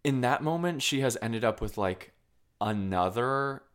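A man from Vermont talking casually about a film, animated, with lots of filler words. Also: mid-range voice, a little slow. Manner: animated, many fillers, acts out quoted lines.

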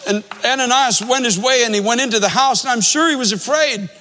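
A man's voice: very high voice, a little fast, pushed and bright, long reverb tail. A man preaching a sermon, telling a story with earnest emphasis and repeating phrases to drive points home. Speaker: pastor.

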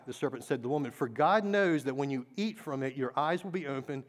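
A man preaching to a congregation in a mid-pitched voice. He talks earnestly, repeats key phrases and keeps putting questions to his listeners. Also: expressive, quick pace, few pauses. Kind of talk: sermon.

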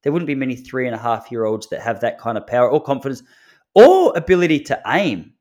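A man's voice: mid-range voice, sing-song, fairly quick, a little mellow. A man, hosting a podcast as a laid-back comedic storyteller who chuckles at his own jokes. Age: 30s. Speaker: podcast host. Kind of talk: solo comedic podcast monologue.

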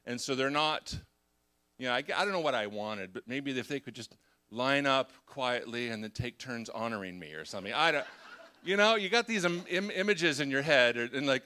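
A middle-aged man, a pastor preaching a confessional sermon who swings between hushed reflection and loud, animated storytelling. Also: mid-range voice, normal speed.

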